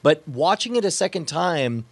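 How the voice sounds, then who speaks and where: A man's voice: a little high, very animated, normal speed, no room sound. A man in a casual podcast discussion, talking thoughtfully with many restarts and fillers.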